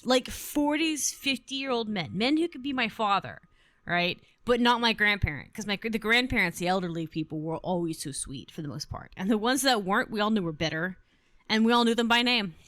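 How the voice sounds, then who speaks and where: A woman's voice: on the high side, fairly bright tone, dry recording. A woman in her twenties chatting casually over gameplay, telling rambling anecdotes. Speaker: gaming channel host.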